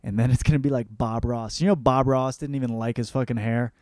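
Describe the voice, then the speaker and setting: A man hosting his own comedy podcast, talking in a profane, rambling monologue that swings between mumbled asides and loud rants. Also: medium pitch, fairly even intonation, a little fast, dry recording, clean studio sound.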